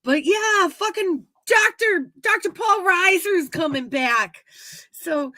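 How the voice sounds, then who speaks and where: A woman's voice: very high-pitched, lively intonation, takes it slowly, bright, forceful tone, no echo. A woman from New York co-hosting a podcast, animatedly recapping an episode with lots of laughs and swearing. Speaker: podcast co-host. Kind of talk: casual episode recap chat.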